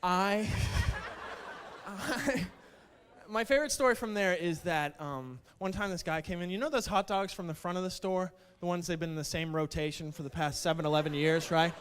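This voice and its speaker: A man doing a stand-up comedy set, wry and self-deprecating, building to loud indignant outbursts. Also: high-pitched, normal speed. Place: comedy stage before a live audience. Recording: stage mic in a reverberant hall with laughing crowd.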